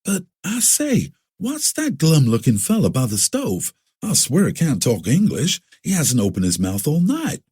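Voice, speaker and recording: Brief: male reader as a keen young greenhorn, raised pitch, inquisitive. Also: wildly swooping pitch, measured pace, few pauses, a little mellow, slightly rough, full character voice. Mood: curious. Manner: inquisitive, eager questions.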